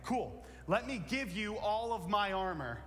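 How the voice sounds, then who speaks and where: A man's voice: sits high, sing-song, measured pace, a bit bright, long reverb tail, pitched above the performer's own voice, full character voice. A man doing a doubting old king. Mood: doubtful. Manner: dismissive, then casually obliging. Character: doubtful older male king, offering his armor.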